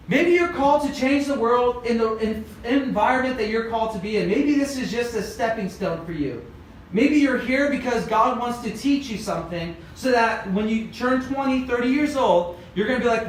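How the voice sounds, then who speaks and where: Echoey, high-voiced young preacher man. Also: animated, moderate pace. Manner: conversational, retelling scripture with filler words. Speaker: youth group preacher. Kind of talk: casual youth sermon. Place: church youth group room. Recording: very echoey room, distant mic, faint noise.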